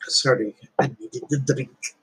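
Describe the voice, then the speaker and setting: This is a rough recording of a man with children giving an earnest, reflective motivational talk. His mid-range voice is slightly rough and he takes it slowly, leaning on parables and storytelling to get his life advice across.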